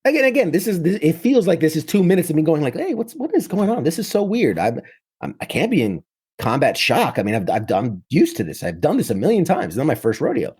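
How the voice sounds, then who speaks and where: A man's voice: a little high, huge pitch swings, quick pace, a little mellow, slightly rough. A man in his thirties from New York City, a military veteran telling his story in casual talk, full of vivid detail and frequent restarts.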